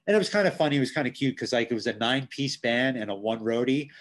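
A man telling road stories as a guitar tech guest, animated and swearing when excited. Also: medium pitch, quick pace. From Long Island, New York. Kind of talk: casual storytelling.

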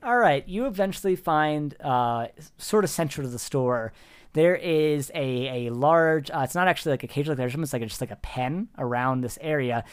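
A man's voice: on the high side, lively intonation, moderate pace, smooth, dry recording. A man narrating as game master of a tabletop game, rambling with restarts and laughs. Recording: dry close mic with faint music.

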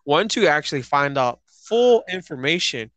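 A man's voice: on the high side, big pitch swings, normal speed, a bit bright, no echo. A man who is a guest on a casual movie review chat, talking loosely and swearing. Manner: loose, swearing, with restarts and fillers. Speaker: podcast guest.

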